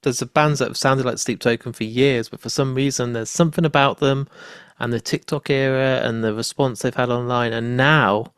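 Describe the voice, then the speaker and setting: A man's voice: medium pitch, steady tone, moderate pace, a bit bright, smooth, no echo, clean studio sound. A man hosting a podcast, chatting casually with a guest and swearing freely. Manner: laid-back, swears casually. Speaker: podcast host. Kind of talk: casual interview chat.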